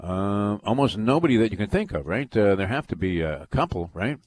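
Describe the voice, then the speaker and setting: A man's voice: lowish voice, sing-song, a little fast, darkish tone, dry recording. A man hosting a sports radio show, telling long rambling stories with lots of fillers and restarts. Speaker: radio sports talk host. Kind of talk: casual storytelling on sports radio.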